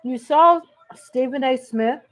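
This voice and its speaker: A woman hosts a relaxed live chat. Her voice sits high and she takes her time, greeting viewers by name and laughing often. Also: slow pace, low-quality recording. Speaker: livestream host. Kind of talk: casual live-chat commentary.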